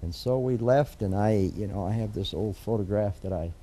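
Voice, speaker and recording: Speaking at a moderate pace in a lowish, mellow voice, an older man from the United States recounts a long family story. He's a judge giving an oral history interview, and he rambles with many fillers and restarts.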